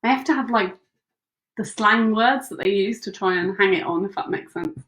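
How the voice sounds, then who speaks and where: A woman's voice: medium pitch, moderate pace, a bit bright. A woman co-hosting a casual livestream Q&A, giggly, teasing and self-mocking. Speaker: co-host. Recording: echoey room.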